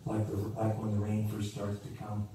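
A man's voice: fairly low pitch, monotone, moderate pace, warm tone, slight background noise. A man preaching a sermon as pastor, telling stories and rising and falling in emphasis. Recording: echoey room from far off with faint ambience.

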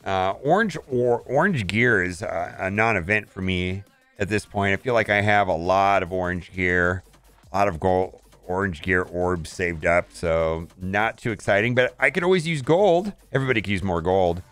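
A man's voice: low voice, normal speed, fairly bright tone, no echo, soft background music. A man casually commenting on his mobile game as he plays, thinking aloud and restarting his sentences often.

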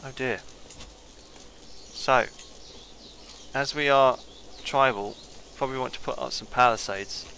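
A man with a gravelly, crackling voice that still cuts through bright and forceful. He chats casually over his game, thinking aloud and drifting off mid-thought as he weighs each choice. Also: medium pitch, unhurried, long pauses. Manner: musing, thinking aloud, trailing off. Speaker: gameplay commentator. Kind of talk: casual let's-play commentary.

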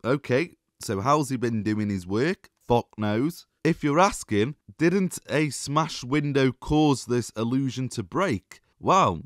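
A man's voice: mid-range voice, expressive, takes it slowly, hardly any pauses, no echo, studio quality. A man giving a sarcastic, exasperated review monologue, swearing often as he rants. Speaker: TV show reviewer.

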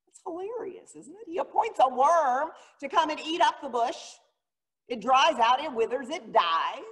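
A woman's voice: high voice, lively intonation, a little slow, fairly bright tone. A woman pastor giving a sermon, telling the story in an earnest, dramatic way. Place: church sanctuary. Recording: long reverb of a church hall.

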